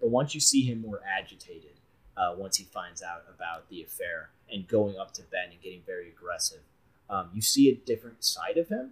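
A man's voice: deep voice, fairly quick, slightly rough, low-quality recording. A young man co-hosting a podcast, chatting casually and rambling a bit as he reviews a movie. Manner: relaxed, rambling with fillers. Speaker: podcast co-host.

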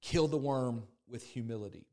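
A man's voice: medium pitch, normal speed, mellow. A man preaching a sermon with emphatic, repetitive phrasing, acting out the complaints of his listeners. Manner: emphatic, repetitive preaching with voiced congregant laments. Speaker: pastor.

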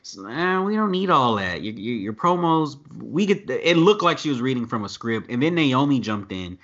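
Profane, animated man on a call. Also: medium pitch, moderate pace. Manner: profane, animated, rises sharply when worked up. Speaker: wrestling podcast co-host. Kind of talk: casual chat over video call. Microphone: video call. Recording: dull lo-fi video call audio.

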